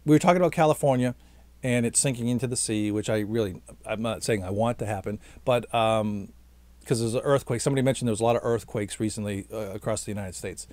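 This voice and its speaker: A man's voice: on the low side, fast talker, a little mellow, no room sound. Tired, chatty man rambling to camera. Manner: chatty, self-mocking, keeps talking past his own sign-off. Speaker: vlogger and stage actor. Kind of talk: rambling casual monologue to camera.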